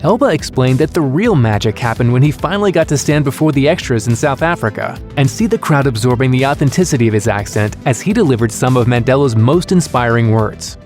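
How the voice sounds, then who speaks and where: A man reading a scripted entertainment narration in a smooth, upbeat presenter manner. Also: medium pitch, lively intonation, brisk, few pauses, darkish tone. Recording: voice-over with faint music bed.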